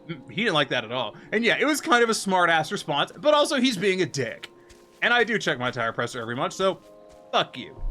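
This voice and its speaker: A man rants through a story on a stream, swearing freely. His voice is bright and lively, rising and falling a lot. Faint music plays behind him. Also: fairly high pitch. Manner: profane, animated ranting. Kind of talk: casual ranting story.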